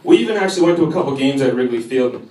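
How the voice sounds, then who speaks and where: Swearing young comedian in an echoey cafe. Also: male voice, medium pitch, expressive, rapid-fire, mellow. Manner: crude, swearing, crowd work. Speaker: stand-up comedian. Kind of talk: stand-up set. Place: cafe stage before a live audience. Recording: echoey room heard from a distance, crowd laughing.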